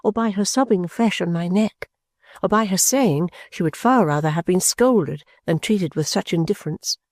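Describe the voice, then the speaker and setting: A woman reads a classic novel aloud as a first-person audiobook narration. She reads in a measured, clear way, with a low and mellow voice. The sound is dry and close to the mic. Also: no echo.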